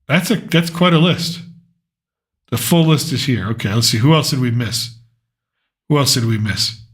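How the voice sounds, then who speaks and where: A man's voice: medium pitch, animated, moderate pace. A man hosting a casual political commentary show, thinking aloud and rambling as he reads through lists. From United States.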